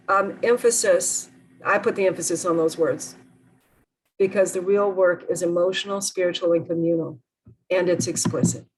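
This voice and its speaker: A woman's voice: fairly low pitch, breathy edge, low-quality recording. A woman presenting an online workshop over a video call, earnest and emphatic, often asking the group questions.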